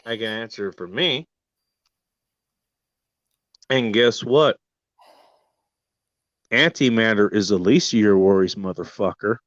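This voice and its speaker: A man delivers a swearing, mock-serious rant as the host, hammering rhetorical questions. His volume lurches from bursts to quiet mutters. The recording is dull and lo-fi, with a dry, close sound. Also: fairly low pitch, unhurried, pauses often, dry recording. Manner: swings from loud outbursts to near-murmurs.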